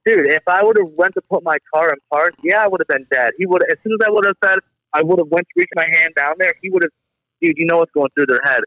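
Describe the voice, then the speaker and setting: A young man from the Detroit area, a guest on a casual podcast, telling animated stories packed with filler words. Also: a little high, fast, no room sound. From Detroit area, Michigan. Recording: dull, slightly lo-fi dry audio.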